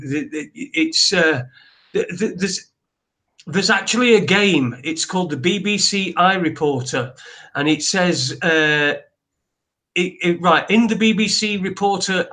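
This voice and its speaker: A man co-hosts a casual news chat. His voice sits a little high for a man. He rambles, hesitates and restarts as he reads articles aloud. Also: fairly bright tone. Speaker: podcast co-host.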